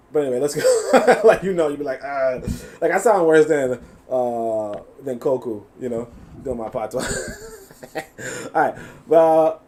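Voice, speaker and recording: A man with a New York accent giving animated, profane live reaction commentary. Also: medium pitch, a little hiss or hum. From USA. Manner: animated, profane, laughing asides. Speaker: reaction streamer.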